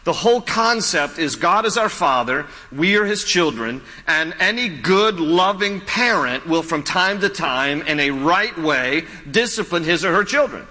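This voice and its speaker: A man preaching a sermon as a pastor, telling stories with animated, self-deprecating humor. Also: fairly high pitch, a little slow, hardly any pauses, in a large hall, poor audio.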